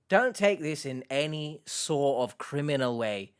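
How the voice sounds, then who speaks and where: A man's voice: on the high side, lively intonation, unhurried, a bit bright, smooth. A man giving sarcastic, exasperated reaction commentary on a video clip.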